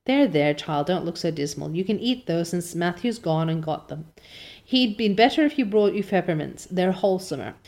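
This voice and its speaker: A woman's voice: lowish voice, animated, moderate pace, darkish tone. A woman reading aloud as a strict older spinster guardian who talks in a clipped, scolding way. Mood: stern.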